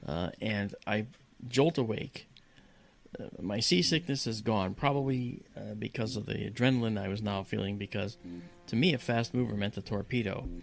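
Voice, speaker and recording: A man recounting a dramatic personal experience, telling it in an animated way and acting out the voices of the people in it. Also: on the low side, normal speed, gravelly, faint music behind. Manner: animated storyteller who acts out quoted voices. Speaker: guest recounting a personal story. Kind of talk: storytelling in conversation.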